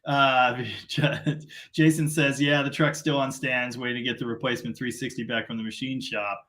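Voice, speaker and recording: A man's voice: medium pitch, flat delivery, normal speed, a bit bright. A middle-aged man from Canada hosting a casual live stream, rambling and self-deprecating in long run-on sentences.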